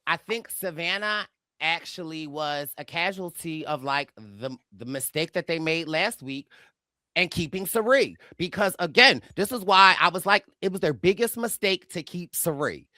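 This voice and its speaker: Guy cohosting a podcast, super animated, bright kinda edgy voice, dry close sound. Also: fairly high pitch, normal speed, no room sound. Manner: dramatic, animated storyteller. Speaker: podcast co-host. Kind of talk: casual recap chat.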